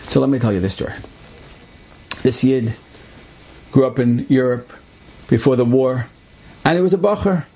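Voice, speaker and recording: A man's voice: mid-range voice, normal speed, pauses often, dark tone, a little hiss or hum. A man earnestly telling an inspirational religious story, repeating key phrases for emphasis.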